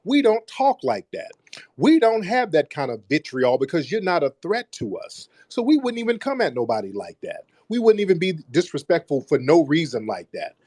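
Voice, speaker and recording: A man's voice: a little high, huge pitch swings, normal speed, darkish tone, no echo. A man hosting a call-in debate show, blunt and dismissive, repeating his points over and over. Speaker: host.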